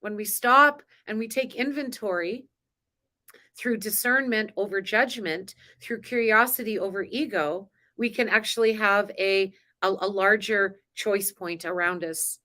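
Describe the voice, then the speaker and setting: A woman's voice: medium pitch, measured pace, sharp tone. A woman hosting a spiritual coaching live stream, talking in a chatty, emotional way with frequent laughs. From grew up on a farm. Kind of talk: casual live-stream talk.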